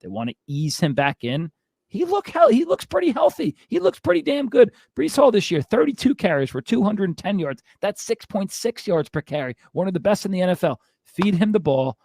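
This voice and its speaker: Male fantasy football host, exasperated rant, slightly high pitch, dry close sound. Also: darkish tone, dry recording. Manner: ranting, exasperated. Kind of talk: casual sports commentary.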